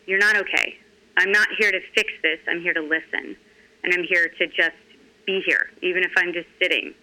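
A middle-aged woman talking candidly in an interview, earnest and halting with frequent restarts. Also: fairly low pitch, fairly even intonation, pushed and bright, poor audio. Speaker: guest.

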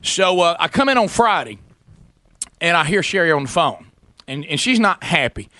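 A man's voice: fairly high pitch, very animated, moderate pace, pushed and bright, no room sound. A middle-aged man telling a story on a talk show, acting out both sides of the conversation. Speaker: radio show host.

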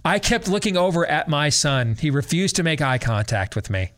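Middle-aged guy hosting a talk show, kinda high voice, ranting sarcastically about how bad something is. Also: big pitch swings, normal speed, fairly bright tone, slight background noise. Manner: sarcastic, exasperated, emphatic. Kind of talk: opinionated movie-review rant.

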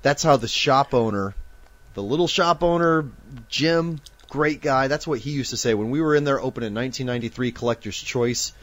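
A man's voice: medium pitch, a little fast, fairly bright tone, no echo. Chatty man hosting a live card stream. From Omaha, Nebraska. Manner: chatty, jokey, reads off giveaway lists. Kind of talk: casual live-stream chat.

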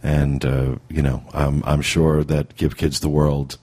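Very deep, husky male podcast host. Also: little pitch movement, a little mellow. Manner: halting, full of fillers and restarts. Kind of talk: casual podcast talk.

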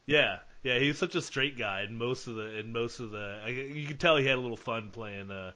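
Dude cohosting a pod, bright voice, rambly and laughy. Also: male voice, mid-range voice, fairly quick. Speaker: podcast co-host. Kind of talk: casual chat.

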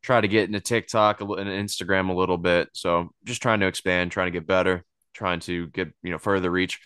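Male podcast host, very low voice, smooth, dry close mic, relaxed rambling delivery. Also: fairly quick, dry recording. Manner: laid-back, rambling, laughs often. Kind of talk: casual sports podcast chat.

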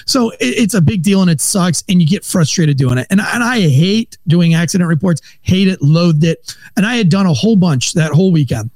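High-voiced profane former cop telling stories. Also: male voice, fairly quick, no echo. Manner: profane, animated storytelling. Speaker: former police officer. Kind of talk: casual podcast storytelling.

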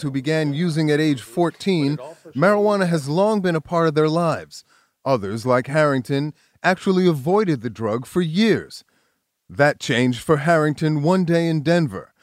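A man who hosts a news segment, reading scripted narration in a measured reporter's delivery. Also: a little high, dry recording, studio quality. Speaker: news correspondent and host.

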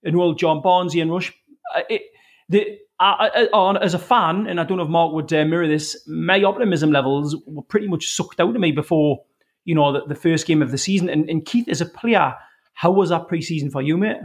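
A man with a somewhat high voice hosts a casual fan podcast. He talks eagerly, reeling off long lists of names before putting a question to his guest. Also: fairly quick, breathy edge. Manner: enthusiastic, reels off lists of names.

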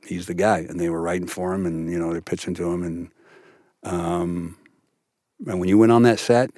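An older man, an actor guest in a studio podcast interview, telling stories in an animated way with many restarts. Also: low voice, normal speed, no echo. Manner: animated storyteller, frequent restarts.

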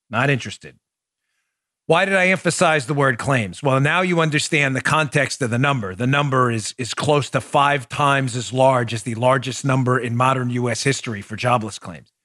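A man's voice: mid-range voice, bright, forceful tone, no echo, clean studio sound. A man hosting a political podcast, talking emphatically and building to heated, repetitive points. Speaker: podcast host. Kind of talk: political commentary.

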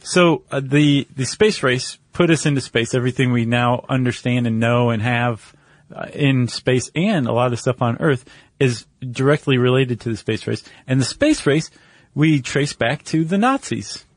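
A man's voice: medium pitch, lively intonation, moderate pace, dry recording, clean studio sound. A man co-hosting a casual podcast chat, joking and loose, with plenty of fillers. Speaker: podcast co-host.

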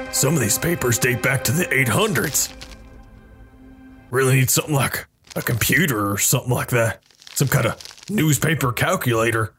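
A man doing deadpan, absurd in-character commentary while playing a game. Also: mid-range voice. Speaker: game video creator. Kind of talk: comedic role-play game commentary. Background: music.

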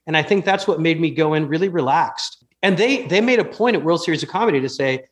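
A fairly high-voiced young man talks as a guest on a podcast. He tells stories in a quick, animated way, full of restarts. His easy, joking chat carries a comedian's timing. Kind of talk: casual storytelling chat.

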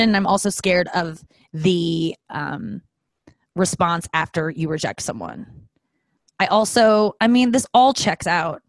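Speaking from home, a young female vlogger delivers a candid, casual monologue that wanders, pokes fun at herself, and includes jokey asides. Her voice is on the low side, with no echo.

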